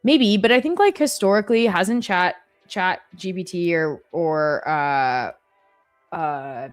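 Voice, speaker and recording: A woman's voice: fairly low pitch, lively intonation, slow pace, soft background music. A young woman co-hosting a live trading stream, telling stories in a chatty way with lots of "like". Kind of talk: casual chat.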